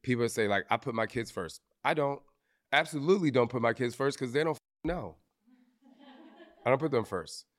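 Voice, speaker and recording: A man's voice: mid-range voice, expressive, moderate pace. A man hosting a live podcast recording, talking candidly and emotionally to an audience, swearing casually. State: briefly tearful. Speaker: podcast host.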